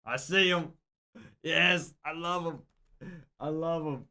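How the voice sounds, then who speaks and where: A man's voice: fairly high pitch, slow. A man streaming a video game, chatting casually and animatedly with his viewers. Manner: chatty, animated, talks to chat directly. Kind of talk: casual gameplay chat with viewers.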